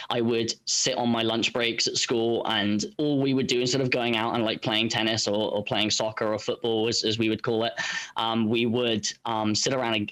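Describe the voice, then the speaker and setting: Bright-voiced British man. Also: medium pitch, low-quality recording. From Britain. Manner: relaxed storyteller, chatty with fillers. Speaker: guest voice actor. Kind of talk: casual podcast interview.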